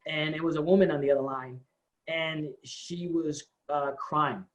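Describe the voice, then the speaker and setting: An American company co-founder tells his staff how he got started, animatedly acting out the dialogue. His voice is on the high side, he speaks unhurriedly, and the recording is rough.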